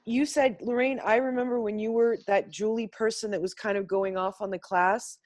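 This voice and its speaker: A woman's voice: mid-range voice, steady tone, normal speed, darkish tone, dry recording. A woman giving an impassioned, blunt spiritual talk to a group on a video call, swearing freely and pressing her points hard. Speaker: class participant sharing insights.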